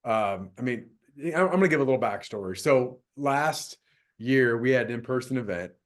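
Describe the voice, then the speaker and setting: A man's voice: mid-range voice, expressive, moderate pace. Rambling middle-aged man hosting a podcast. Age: 50s. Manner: rambling, many restarts and fillers. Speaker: podcast host. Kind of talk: casual podcast conversation.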